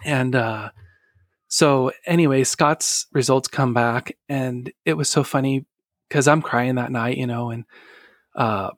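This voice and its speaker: A middle-aged man appearing as an interview guest tells a personal story earnestly but haltingly, letting out soft laughs. His voice is medium-pitched and steady, recorded dry with studio quality.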